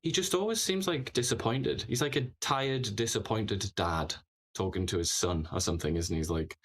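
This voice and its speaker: A man's voice: mid-range voice, expressive, normal speed. A man hosting casual political commentary, talking in a sarcastic, mocking way.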